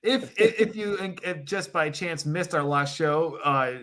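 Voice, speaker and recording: A man hosting a podcast who recaps calmly and laughs often. He speaks slowly with a bright tone, slightly higher than most men. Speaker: podcast host. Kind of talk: casual chat.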